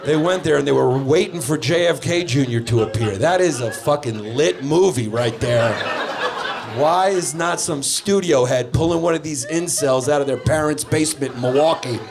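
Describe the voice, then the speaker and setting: A man's voice: on the high side, moderate pace, gravelly, music in the background. A male stand-up comedian doing a crude, playful set on a comedy club stage, talking into a handheld mic. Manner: animated, crude, playful, with voices. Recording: live club with crowd laughter.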